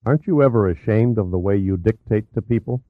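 A man's voice: on the low side, fairly quick, dry recording, lightly acted. A man reading the part of a sardonic male adventurer in an audiobook, curt and sarcastic. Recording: tinny phone-like, dry.

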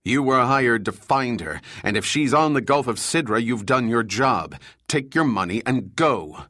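Angry in mood, this narrator plays a senior intelligence official who is stern, firm and commanding, raising his voice to a shout when opposed. The pitch is fairly low, the intonation lively and the pace moderate, in clean studio sound with no echo.

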